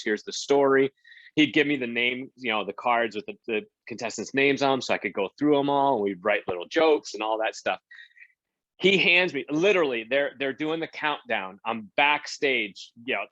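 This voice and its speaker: A man, a game show host and producer, chatting as a podcast guest and telling animated anecdotes. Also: no room sound. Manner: animated anecdote-telling, acts out quotes with big pitch jumps. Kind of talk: casual podcast storytelling. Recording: dull, slightly lo-fi dry podcast audio.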